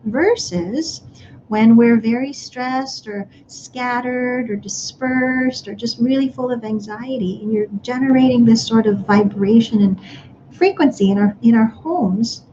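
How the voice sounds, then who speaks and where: A woman speaking to parents in a live online workshop, gently guiding them through breathing exercises. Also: a little high, unhurried, dull audio, noisy background.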